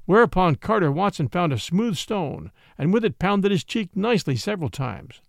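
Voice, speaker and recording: Male storyteller, high lively voice, expressive audiobook read, dry close sound. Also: normal speed, vocal fry, hardly any pauses, dry recording. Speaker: story narrator. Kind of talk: audiobook reading.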